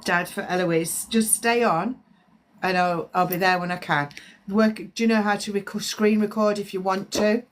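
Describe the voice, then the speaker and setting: A woman's voice: medium pitch, fairly even intonation, normal speed. A woman, a psychic medium, chatting and rambling through live-stream spiritual readings as she answers viewers' comments, sounding slightly congested.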